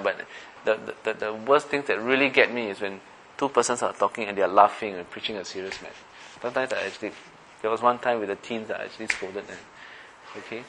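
A man's voice: lowish voice, background noise. A middle-aged man preaching a conversational sermon, often checking in with his listeners by asking them questions. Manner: conversational, asks the listeners questions, acts out everyday voices. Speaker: pastor.

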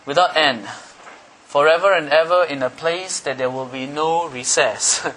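Male preacher, high bright voice, emphatic and repetitive, engages the crowd with questions. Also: measured pace, a little hiss or hum. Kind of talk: sermon.

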